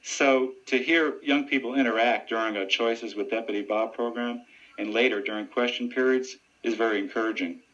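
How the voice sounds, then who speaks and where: A man's voice: medium pitch, moderate pace. Earnest man, dull lo-fi radio sound. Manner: earnest, steady, informative. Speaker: deputy sheriff and ventriloquist. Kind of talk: radio interview answers.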